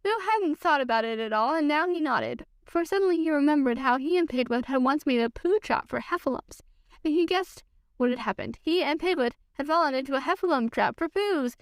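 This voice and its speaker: A woman reading a children's storybook aloud in an expressive, lively way. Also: sits high, a little fast, dry recording. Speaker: podcast host reading aloud. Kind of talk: storybook read-aloud narration.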